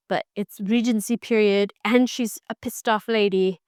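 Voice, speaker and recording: Young woman, book review chat, clear smooth voice, dry close sound. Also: medium pitch, moderate pace, no echo. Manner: animated, wry, restarts sentences.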